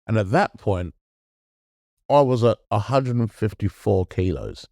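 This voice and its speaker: A middle-aged man in casual chat as a podcast co-host, earnest and halting, often restarting his sentences. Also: lowish voice, animated, darkish tone, no room sound, clean studio sound.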